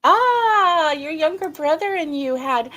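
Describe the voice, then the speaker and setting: A middle-aged woman hosting a casual live stream, greeting viewers by name, chatty and quick to laugh, her throat a little strained. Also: fairly high pitch, expressive. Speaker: livestream host.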